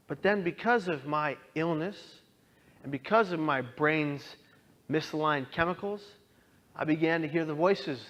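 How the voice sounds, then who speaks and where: A man telling his own story as a dramatic testimony, impassioned and pleading, swinging from hushed lines to loud outbursts. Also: a little high, normal speed. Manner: pleading, directly addresses listeners. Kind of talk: dramatic personal testimony talk.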